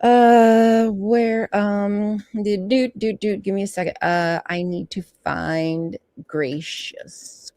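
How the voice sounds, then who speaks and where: Brief: female livestream host, unhurried reading, lively asides, swears casually, dry close sound. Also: mid-range voice, no echo. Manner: animated, frank, swears freely, stops to comment.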